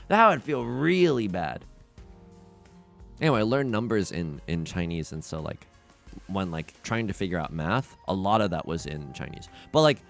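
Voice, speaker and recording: A man's voice: mid-range voice, creaky. A young man whose first language was Mandarin, rambling in self-deprecating, casual chat with viewers while he plays a game on a livestream. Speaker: livestreamer playing online mahjong.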